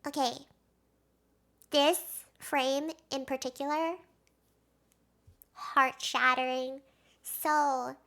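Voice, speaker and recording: A young woman doing casual video commentary as a fan, rambling and emotional, swinging between hushed talk and excited outbursts. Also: high voice, extremely slow, long pauses, slight background noise. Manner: rambling, with fillers and restarts.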